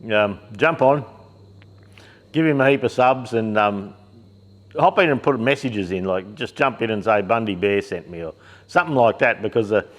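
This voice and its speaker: Speaking at a moderate pace in a lowish voice, the middle-aged Australian who owns the shop and hosts the YouTube channel talks to camera from his shed. His chat is loose and blokey, heavy on fillers with an occasional curse.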